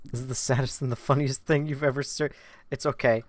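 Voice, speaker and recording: A man's voice: mid-range voice, fairly even intonation, brisk. A young man streaming a game, telling a rambling story in casual chat, self-mocking, swearing and laughing between lines.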